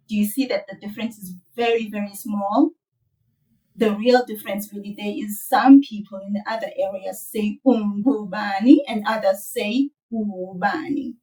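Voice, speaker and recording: A woman teaching a children's language lesson, modeling words slowly and playfully with laughs. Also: medium pitch, mellow, recorded from a distance, low-quality recording. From South Africa.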